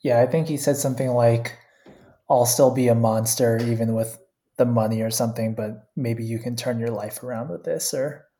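Mellow, laid-back co-host. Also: medium pitch, moderate pace. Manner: relaxed, laid-back, laughs softly. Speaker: podcast co-host. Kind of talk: casual anime episode discussion.

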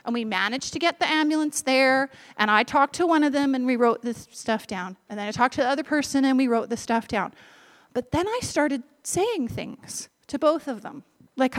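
A woman preaching, telling a personal story in an earnest, conversational way and speaking directly to a congregation of grown-ups and children. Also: high-pitched.

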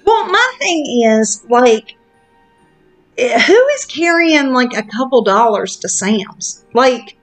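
A woman telling a story in a casual, frank, animated chat, with lots of fillers. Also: high voice, slow, faint music behind.

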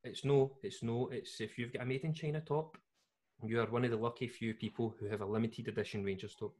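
A man's voice: mid-range voice, steady tone, a little fast, darkish tone. A Scottish man co-hosting a podcast, chatting casually in a jokey, rambling way with lots of restarts. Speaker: podcast co-host. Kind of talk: casual chat.

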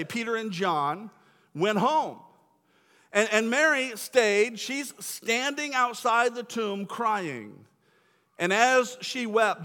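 A man's voice: high-pitched, pushed and bright. A male pastor giving a sermon in a church sanctuary, talking in a conversational, emphatic way. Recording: long reverb of a church hall.

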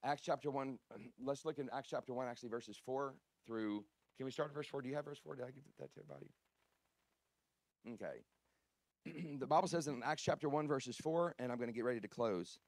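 A male pastor preaching a sermon, swinging from loud preaching to hushed storytelling and often clearing his throat. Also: mid-range voice, a little fast, no echo. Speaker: guest pastor.

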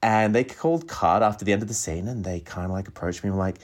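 A young Australian man, a voice actor, chatting casually on a podcast and telling stories with quick laughs. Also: on the low side. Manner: animated storytelling, quick laughs. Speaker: voice actor guest.

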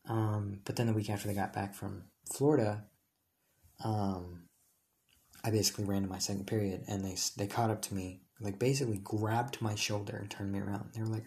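A young man with a somewhat low voice and a gravelly, vocal-fry edge tells a personal story. He rambles, leans on filler words and keeps correcting himself mid-sentence. It sounds like a casual storytime monologue. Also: fairly even intonation, brisk, a little mellow. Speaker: high school student telling a personal story.

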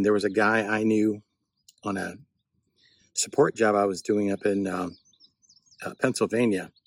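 A man's voice: lowish voice, dry recording. A man giving writing tips in a casual, reflective spoken monologue, recorded outdoors rather than in a studio. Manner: reflective, meandering.

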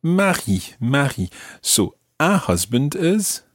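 A man teaching a podcast language lesson, patiently modelling words slowly for the learner to repeat. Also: on the low side, very animated, no echo, studio quality.

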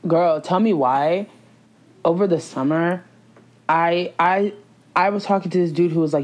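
A woman in her twenties in a casual chat, animated and playful, laughing often and using a lot of slang. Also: on the low side, measured pace, long pauses. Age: 20s.

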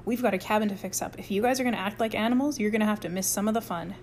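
A woman's voice: medium pitch, very fast, darkish tone, a little hiss or hum, natural voice. A woman voicing a short-tempered young male camp counselor who barks bossy orders. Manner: barking, bossy.

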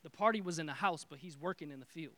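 A man preaching a sermon with energetic, repetitive call-and-response phrasing. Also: on the high side, fast talker, no room sound. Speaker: pastor.

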